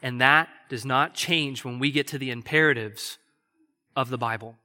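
Earnest and mid-pitched, a male pastor preaches in quick, emphatic bursts that give way to slow, hushed passages. A long hall reverb hangs on the sound.

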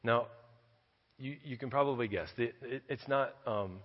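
A man's voice: mid-range voice, in a large hall, dull audio. A missionary man preaching a sermon, reading scripture and telling a story, often repeating words as he goes. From United States. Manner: halting, repeats words while building a story. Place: church.

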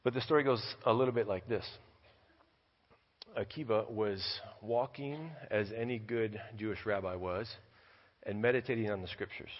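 Low husky man preaching in a hall. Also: highs cut off. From United States. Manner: halting, repeats words while building a story. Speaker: missionary preacher. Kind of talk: sermon with scripture reading and storytelling. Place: church.

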